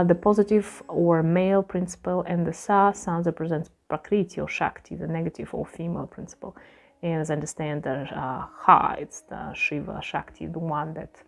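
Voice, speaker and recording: A woman teaching yoga who reads passages from a scripture and then explains them loosely in her own words, with many pauses and fillers. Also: fairly low pitch, gravelly, a little mellow.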